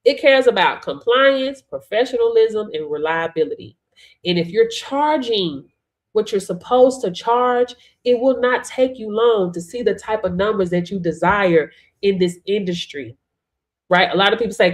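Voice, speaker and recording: A woman's voice: medium pitch, normal speed. A woman business coach giving a live-streamed coaching talk, emphatic, punctuating points with "right?" and "Hello?" and calling on viewers.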